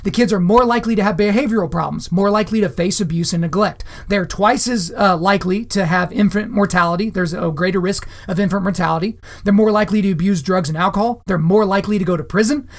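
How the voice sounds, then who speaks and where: A podcast host with a high voice talks fast through a solo monologue, addressing his listeners as guys. He's direct and emphatic, repeating phrases for stress.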